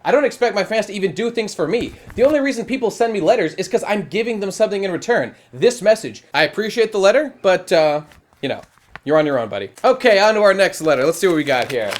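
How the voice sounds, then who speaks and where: A man's voice: high-pitched, fast talker. A man giving a casual, opinionated review, in a wry rant full of swearing and filler words. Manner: profane, wry, animated rant with frequent filler "like". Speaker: online video reviewer.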